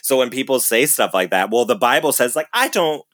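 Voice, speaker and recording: Casual ranting guy, tense bright voice, dry sound, cusses a lot. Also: medium pitch, expressive, brisk, no echo. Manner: ranting, swearing, laughing often. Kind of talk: casual chat.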